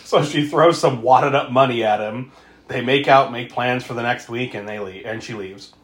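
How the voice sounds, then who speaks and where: A man's voice: mid-range voice, normal speed, reverberant. A man co-hosting a podcast, recapping a movie in casual chat, laughing often and acting out the characters' lines. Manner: animated, laughs a lot, acts out quotes. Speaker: podcast co-host.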